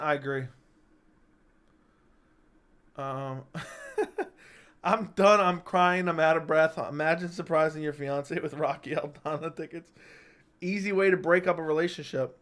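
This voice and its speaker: A man's voice: on the high side, fairly even intonation, moderate pace, fairly bright tone, smooth. A young man hosting a live-stream chat, rambling and joking as he reads viewer comments aloud.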